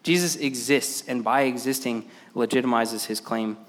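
A man's voice: medium pitch, normal speed. Man preaching in a reverberant hall. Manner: hesitant, many "uh" fillers and restarts. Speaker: pastor. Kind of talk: sermon. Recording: long reverb of a large hall.

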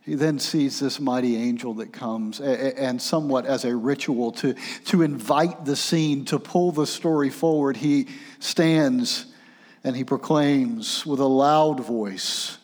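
A man's voice: medium pitch, unhurried. Preacher man in a reverberant hall. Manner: swings from loud urgent peaks to hushed quiet passages. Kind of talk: sermon.

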